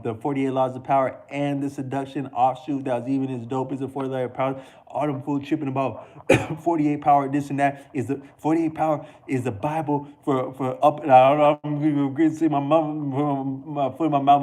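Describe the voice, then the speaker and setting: A man's voice: medium pitch, warm tone. A man talking straight to camera in a loose, rambling monologue, with slangy talk, frequent restarts and chuckles. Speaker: video creator.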